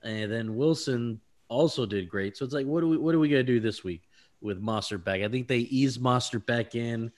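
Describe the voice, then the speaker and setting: A man co-hosting a casual sports podcast, rambling through his analysis with quick laughs and stumbling over names. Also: mid-range voice, darkish tone. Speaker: podcast co-host.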